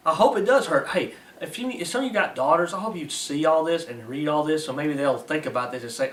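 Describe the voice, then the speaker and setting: Reading from a text, a fairly high-voiced preacher mocks and scorns in blunt moral commentary, his folksy grammar plain to hear. He moves briskly with hardly any pauses, captured on a distant, roomy mic with a faint hiss behind him.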